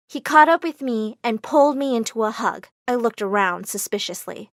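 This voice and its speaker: A woman narrating a first-person animated story in a dramatic, emotional way. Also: a little high, moderate pace, hardly any pauses, dry recording, studio quality.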